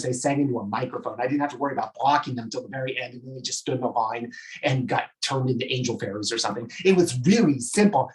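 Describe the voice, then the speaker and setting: Man telling a lively stage story. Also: far from the mic, poor audio. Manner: animated, gushing, with sudden high swoops. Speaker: solo performer. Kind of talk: theatrical storytelling monologue. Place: theatre stage.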